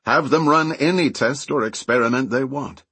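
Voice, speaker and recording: A man voicing an earnest, determined male scientist in an audiobook, speaking in a calm, persuasive way. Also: medium pitch, normal speed, slightly rough, dry recording, pitched above the performer's own voice.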